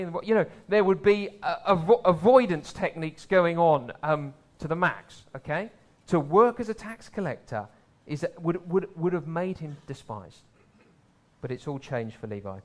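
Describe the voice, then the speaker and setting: Preacher with a lightly raised voice. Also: male voice, animated, moderate pace. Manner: conversational, swells louder for emphasis and drops low for asides. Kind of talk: sermon.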